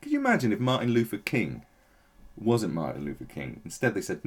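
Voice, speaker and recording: A man with a fairly low, husky voice delivers a blunt, profane political rant. His pitch swings widely as he talks, and his tone stays sarcastic and opinionated throughout. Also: huge pitch swings, a little fast. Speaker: political commentator. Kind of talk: ranting opinion commentary.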